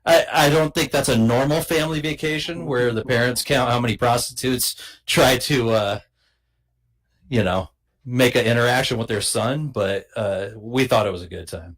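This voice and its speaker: A man's voice: mid-range voice, moderate pace, a bit bright. A man in casual chat, blunt and jokey, laughing often, from Portland. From Portland, USA.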